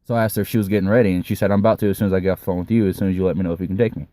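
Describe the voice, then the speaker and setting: A young man rambles through a personal story in a relaxed, offhand way, swearing now and then. His voice sits low and sounds mellow and warm. The recording is dry and close. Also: racing, no echo. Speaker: vlogger. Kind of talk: casual storytime.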